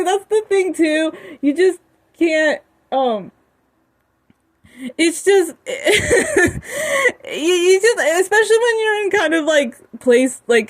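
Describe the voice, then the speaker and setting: Young woman vlogger, high voice, halting casual rambling with constant giggles, talking from her room. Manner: halting, many restarts, frequent giggling.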